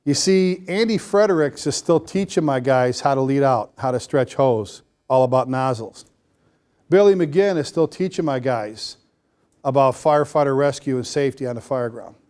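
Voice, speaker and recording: A man speaking as a fire chief at a seminar, energetic and folksy, repeating phrases for emphasis. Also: medium pitch, moderate pace, clear, resonant tone. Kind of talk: motivational seminar talk to firefighters. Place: seminar room before a live audience.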